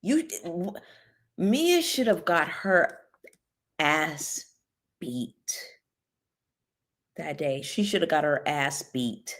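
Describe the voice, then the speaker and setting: Tipsy from drinking bubbly, a woman hosts a casual commentary livestream on her channel, cursing heavily in a blunt, heated way. Her low-pitched voice is expressive but very slow, with long pauses.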